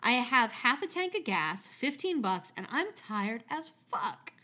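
A woman's voice: on the high side, big pitch swings, unhurried, sharp tone. A woman hosting a podcast, reading a story aloud with casual asides, chatty and swearing freely.

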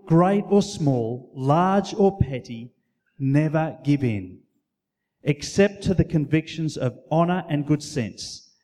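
A man doing an impression of an old English statesman, speaking slowly and emphatically in an English accent. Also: fairly high pitch, big-room sound, natural voice. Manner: loud, slow and emphatic. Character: old English statesman, booming wartime orator.

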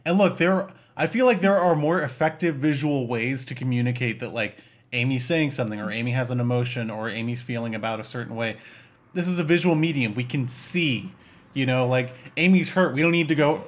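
A man's voice: medium pitch, fairly quick. A man co-hosting a casual movie-review podcast, mocking the film in a joking, exasperated way. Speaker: podcast co-host.

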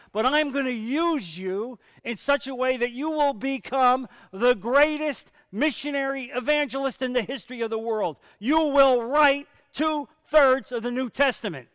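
A man voicing a commanding divine voice, loud and proclaiming, in a sermon. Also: very high-pitched, normal speed, smooth, no echo, in a large hall, pitched above the performer's own voice.

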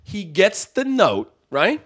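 Animated man telling a road story. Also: high-pitched, slow pace. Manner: animated, acts out other people's lines. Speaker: touring comedian, guest. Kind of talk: casual podcast storytelling.

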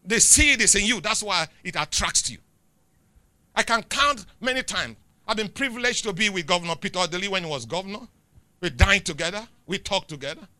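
A middle-aged Nigerian man preaching a sermon, swinging between loud declarations and quiet asides. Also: high voice, expressive, a little fast, no room sound.

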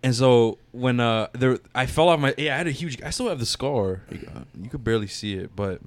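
A man's voice: mid-range voice, brisk, a little hiss or hum. Young male co-host, loose and profane, restarts a lot, casual podcast storytelling. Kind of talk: casual chat.

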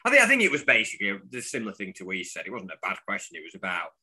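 Lively bright-voiced man chatting football. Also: on the low side, rapid-fire. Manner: animated, laughing, sweary banter. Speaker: podcast co-host. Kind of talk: casual football chat.

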